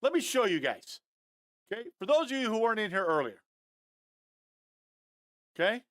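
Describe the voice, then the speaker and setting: A man breaking down football game film on a live stream, animated and fired up, talking straight to his viewers. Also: high-pitched, normal speed, no echo, clean studio sound. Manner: addresses viewers as guys, often adds okay.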